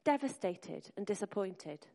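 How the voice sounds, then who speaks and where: A woman's voice: medium pitch, lively intonation, measured pace, creaky, warm tone. A woman preaching a sermon to a congregation in an earnest, encouraging way, speaking directly to the listeners. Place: church hall. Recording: long hall reverb.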